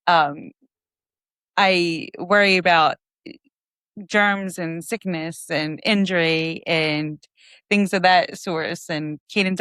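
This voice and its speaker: A woman's voice: fairly low pitch, a bit bright, clear, resonant tone, dry recording. A woman in her thirties co-hosting a casual parenting podcast, talking earnestly and reflectively with many fillers. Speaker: podcast co-host. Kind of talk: casual chat.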